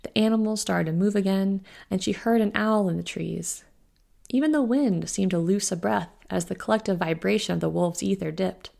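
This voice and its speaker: A woman author reading the prologue of her own fantasy novel aloud in a steady way. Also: mid-range voice, moderate pace, creaky. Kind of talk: audiobook narration.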